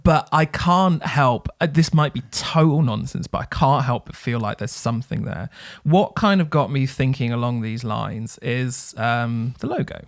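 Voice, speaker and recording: A man on a podcast, theorizing eagerly in a casual chat and stumbling through fillers. His mid-pitched voice has a gravelly, fry-laden edge. The sound is dry and close, with no room around it. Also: moderate pace, hardly any pauses, no echo. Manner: nerdy, enthusiastic theorizing with frequent fillers and laughs. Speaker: podcast co-host. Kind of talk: casual music review chat.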